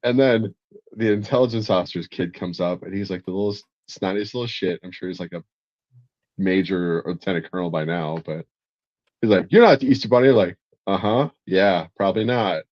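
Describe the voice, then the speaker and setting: A low-voiced man tells a funny story among friends, swearing and laughing as he talks. The sound is dry and slightly muffled. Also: moderate pace, darkish tone, dry recording. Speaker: podcast co-host. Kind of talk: casual storytelling chat.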